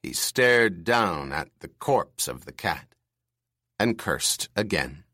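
Unhurried, expressive male storyteller. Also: deep voice, no room sound, studio quality. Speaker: narrator. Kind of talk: audiobook narration.

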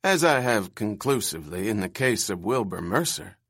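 A man reading aloud and voicing an irritable older male repair-shop boss with a shrill, screechy voice. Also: big pitch swings, moderate pace, a bit bright, slightly rough, dry recording, studio quality, heavily acted. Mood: curt. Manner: curt, demanding.

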